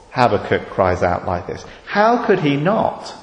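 A British man preaching a sermon, measured and deliberate, rising to fervent emphasis on key words. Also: medium pitch, huge pitch swings. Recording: echoey hall with long reverb.

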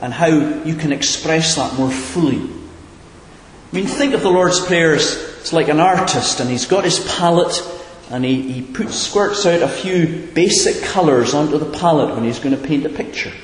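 A man's voice: fairly high pitch, moderate pace, slight background noise. A man preaching in an earnest, questioning way, often repeating a word as he searches for the next. His voice carries through a large hall with a long, reverberant tail. The recording is roomy and distant. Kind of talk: sermon. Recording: echoey hall, far from the mic.

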